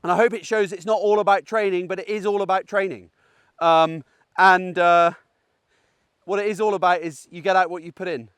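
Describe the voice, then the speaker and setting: Dog trainer guy, fairly high voice, dry close sound, chatty and explaining stuff. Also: steady tone, normal speed, a bit bright, smooth, no echo. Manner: chatty and explanatory, checks in with "okay?". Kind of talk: outdoor training tutorial. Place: outdoors in a field on a dog walk.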